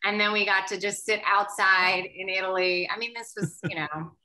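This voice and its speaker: A woman from Canada, a guest in a casual interview, telling stories in an animated way and laughing often. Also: mid-range voice, normal speed, rough recording. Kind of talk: casual chat.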